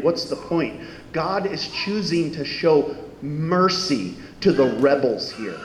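A man delivers a sermon in a conversational style, peppered with rhetorical questions. His voice sits a little high for a man. The sound is roomy, with a long hall echo and a faint low rumble behind it. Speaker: pastor.

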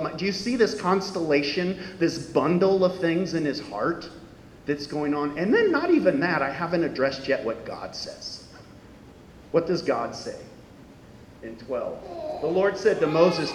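A man delivers a sermon in a conversational style, peppered with rhetorical questions. His voice sits a little high for a man. The sound is roomy, with a long hall echo and a faint low rumble behind it. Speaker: pastor.

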